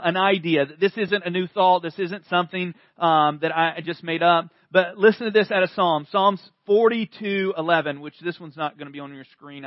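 High-voiced pastor preaching conversationally. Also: male voice, dry recording, highs cut off. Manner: conversational preaching with emphatic swells. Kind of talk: sermon. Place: church service.

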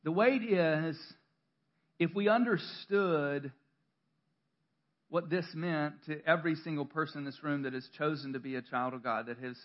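High-voiced pastor preaching conversationally. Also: male voice, moderate pace, muffled recording. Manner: conversational, self-deprecating storytelling with laughs and restarts. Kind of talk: sermon. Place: church.

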